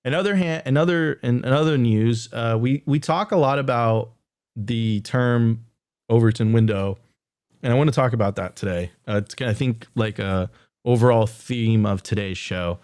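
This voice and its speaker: A man co-hosting a casual live crypto show, talking in a halting way with many fillers. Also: mid-range voice, a little mellow, clean tone, dry recording, clean studio sound. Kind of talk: casual livestream chat.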